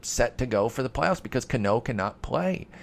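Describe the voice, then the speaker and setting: A man's voice: medium pitch, expressive, normal speed, creaky. A man hosting a casual solo podcast, answering listener questions in a rambling, self-deprecating way with bits of mock-heated sarcasm.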